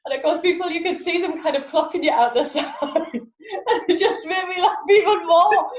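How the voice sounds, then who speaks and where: A woman's voice: very high voice, normal speed. A woman, a guest in a casual interview chat who laughs often and acts out voices animatedly. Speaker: guest, laughter yoga teacher. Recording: echoey, phone-like lo-fi audio.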